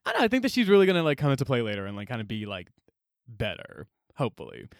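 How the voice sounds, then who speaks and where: A man's voice: mid-range voice, wildly swooping pitch, racing, no echo, studio quality. A man co-hosting a casual book podcast, retelling scenes animatedly and acting out the characters' lines, with lots of "like". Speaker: podcast co-host.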